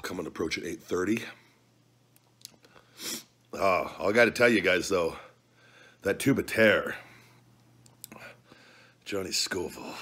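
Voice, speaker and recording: A man's voice: sits low, slow, pauses often, sharp tone, slightly rough. A man hosting his own vlog, talking casually and loosely with joking, profane banter through a hot food challenge at home. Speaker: vlog host.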